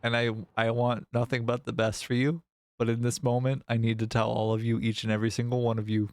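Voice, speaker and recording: Gravelly, playfully dramatic male streamer. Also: medium pitch, steady tone, brisk, dry recording. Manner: playfully dramatic, mock-whining at chat; reads chat messages aloud. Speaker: livestreamer. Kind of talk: casual gaming livestream chat.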